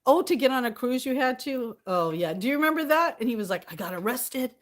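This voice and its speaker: A woman's voice: sits high, lively intonation, quick pace. Woman, livestream chatter, giggly, laughs a lot, greets viewers by name, casual. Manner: giggly, laughs often, reads out chat names. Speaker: live streamer.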